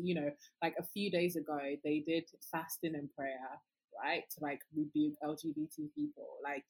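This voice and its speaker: A woman hosts the podcast in a very low, husky voice. She speaks earnestly and with emphasis, in a relaxed conversational way. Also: rough recording. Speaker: podcast host. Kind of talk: casual conversation.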